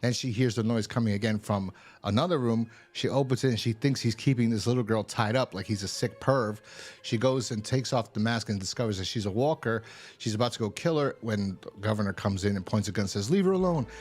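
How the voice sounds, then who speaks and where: A TV show reviewer with a lowish, darkish voice recaps an episode fairly quickly and casually. He rambles, swears, and acts out the characters' lines.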